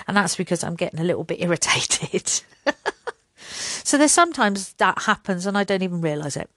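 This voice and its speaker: A woman's voice: on the low side, sing-song, fairly quick, fairly bright tone, no echo, clean studio sound. An older woman hosting a podcast, rambling in a self-deprecating way, laughing often and acting out little conversations. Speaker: podcast host. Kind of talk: chatty solo podcast ramble.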